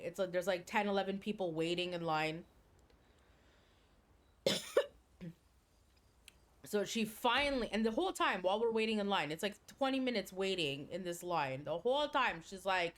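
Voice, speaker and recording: A woman streaming a game, casually telling a long story with lots of swearing and laughter. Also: medium pitch. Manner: animated, swears freely, laughs while telling. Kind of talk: casual storytelling during a livestream.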